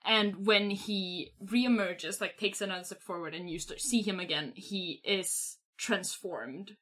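A woman's voice: mid-range voice, measured pace, fairly bright tone. A woman playing a tabletop role-playing game, describing her character's actions in vivid detail with frequent fillers.

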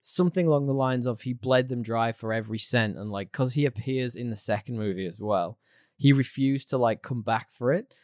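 A man's voice: mid-range voice, fairly quick, a little mellow, no room sound, clean studio sound. A man co-hosting a podcast in casual chat, chatty and playful, laughing easily. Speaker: podcast co-host.

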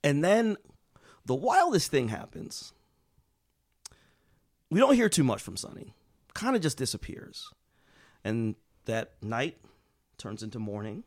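A man telling a sports history story on a podcast in a casual, animated way, acting out quotes and swearing freely. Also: no room sound, studio quality. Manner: animated, acts out quotes with big pitch jumps and swearing.

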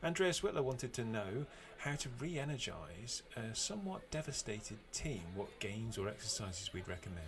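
Host: British man, lowish voice, relaxed chatty delivery, recorded from home. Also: normal speed, hardly any pauses, a little hiss or hum. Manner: relaxed, chatty, with fillers and restarts. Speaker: podcast host. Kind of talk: casual chat and scripted episode intro. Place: home, remote call.

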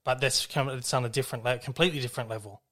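A man's voice: mid-range voice, steady tone, racing, bright, forceful tone. A man hosting a casual film chat, talking in a rambling, loose way, often restarting his sentences and swearing freely. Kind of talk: casual chat about films.

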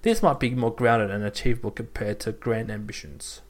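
A man's voice: on the low side, normal speed. Man reading a list aloud. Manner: reads out a list in a mock-formal tone, breaks into laughter. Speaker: podcast co-host. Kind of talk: casual chat.

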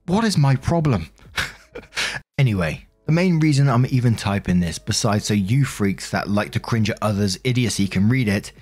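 A man's voice: mid-range voice, a little mellow. Amused man reading a story aloud. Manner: amused, laughs along with the story. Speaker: storyteller reading a Reddit post.

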